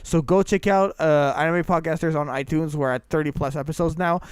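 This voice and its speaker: Young canadian guy hosting a podcast, high voice, dry close sound, keeps laughing and repeating himself. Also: brisk, clear, resonant tone, dry recording. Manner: excitable, laughs often, stumbles and repeats words. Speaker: podcast host. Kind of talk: casual podcast chat.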